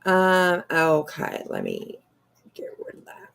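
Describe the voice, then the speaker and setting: A woman streamer giving chatty, sarcastic commentary on online drama, with drawn-out exclamations and casual swearing. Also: sits low, wildly swooping pitch, creaky, background noise. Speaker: live streamer.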